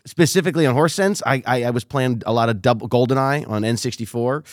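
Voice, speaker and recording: Young male co-host, rapid rambling banter, dry studio sound. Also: medium pitch, no room sound. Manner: rambling, restarts, jokey. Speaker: podcast co-host, actor. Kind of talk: casual chat among brothers.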